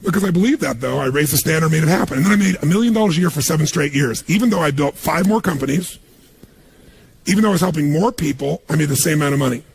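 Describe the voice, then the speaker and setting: A man giving a motivational seminar talk on stage, energetic and punchy, firing questions at a live audience. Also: fairly high pitch, fast talker, gravelly, a little hiss or hum. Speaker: motivational speaker.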